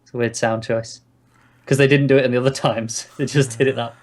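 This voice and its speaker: A man's voice: mid-range voice, level tone, fairly quick. A man co-hosting a casual TV review chat, a little drunk, wry and sweary. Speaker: co-host.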